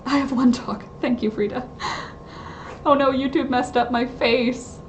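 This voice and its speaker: Rambling livestreamer, woman, slightly higher voice, casual home chat. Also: fairly even intonation, a little slow, slight background noise. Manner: rambling, chatty, self-interrupting with frequent fillers. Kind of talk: casual live-stream chat.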